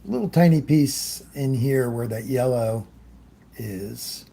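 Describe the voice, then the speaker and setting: Easygoing man host of a live art demo, slow and mellow, chatty and meandering, greets viewers by name. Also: medium pitch, creaky. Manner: talks while working, trailing off often. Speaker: airbrush artist hosting a livestream. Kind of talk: casual live demonstration.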